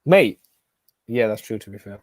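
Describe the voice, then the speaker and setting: A man hosting a live football watch-along, excitable and shouting at every chance. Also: on the low side, moderate pace, no echo, studio quality.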